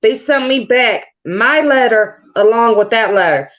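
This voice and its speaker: A woman's voice: on the high side, expressive, unhurried, a bit bright, muffled recording. A woman guest speaking firmly and insistently in a livestream interview, repeating her point. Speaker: guest, victim's mother.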